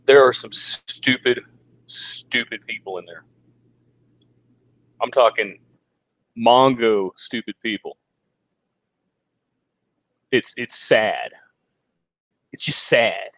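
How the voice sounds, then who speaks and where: A man's voice: slow pace, pauses often, a bit bright, no echo, poor audio. Crude, sarcastic man in his forties. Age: 40s. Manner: crude, sarcastic, mocks people in high put-on voices. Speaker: vlogger. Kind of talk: casual livestream rant. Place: home in the Philippines.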